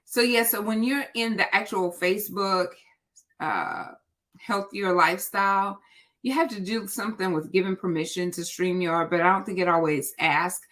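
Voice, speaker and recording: A woman's voice: mid-range voice, moderate pace, fairly bright tone. A woman in her forties hosting a casual live stream, rambling and thinking aloud with plenty of fillers, recorded on a computer mic. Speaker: livestream host. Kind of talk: casual livestream chat.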